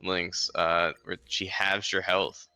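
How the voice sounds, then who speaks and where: A young man chatting in an easygoing way with plenty of fillers. His low voice is gravelly and edged with vocal fry, yet very bright and sharp. It's recorded dry and close, with faint music underneath. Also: flat delivery, slow, no echo. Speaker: podcast co-host. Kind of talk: unscripted casual chat.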